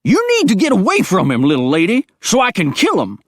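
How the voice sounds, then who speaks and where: A man's voice: high-pitched, huge pitch swings, fairly quick, a bit bright, no room sound, studio quality, pitched above the performer's own voice, full character voice. A man voicing a cranky, paranoid old hillbilly who turns into a bear. The figure hollers in a folksy drawl. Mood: hollering, suspicious.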